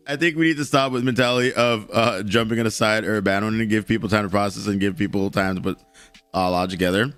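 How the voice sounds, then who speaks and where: A male streamer with a somewhat low voice rants through casual live commentary, blunt and profane. Faint music sits underneath him. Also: level tone, quick pace, fairly bright tone. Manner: blunt, profane, heated ranting.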